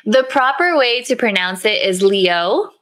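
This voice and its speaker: A woman guest on a podcast, telling stories in a lively, casual way. Her voice is mid-range for a woman, and she fills her talk with "like" as she goes. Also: medium pitch, fairly quick. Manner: animated storyteller, many "like" fillers. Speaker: podcast guest, social media strategist. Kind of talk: casual interview chat.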